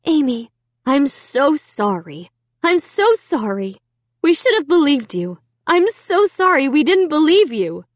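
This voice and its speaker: A woman's voice: high voice, big pitch swings, unhurried, no echo, voice pushed up. A woman reading aloud voices a remorseful mother of two girls, apologizing in a pleading way.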